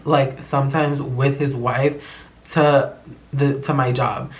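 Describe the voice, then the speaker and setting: A young man telling a rambling, slang-filled, profane story in a casual vlog. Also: on the high side. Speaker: vlogger. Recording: echoey room.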